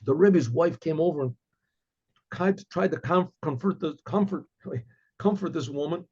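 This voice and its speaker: A man, a rabbi, telling a story in a casual, rambling way, often restarting and clearing his throat. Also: fairly high pitch, normal speed, a little mellow. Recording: dull lo-fi recording.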